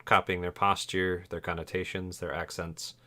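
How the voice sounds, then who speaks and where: A man narrating as game master in a tabletop game, relaxed and rambling, with fillers and chuckles. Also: low voice, normal speed.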